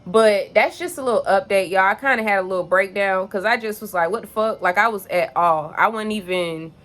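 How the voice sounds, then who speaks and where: A woman's voice: mid-range voice, brisk, fairly bright tone. A young woman telling a story in a candid, rambling vlog, swearing freely and piling on filler phrases. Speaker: vlogger.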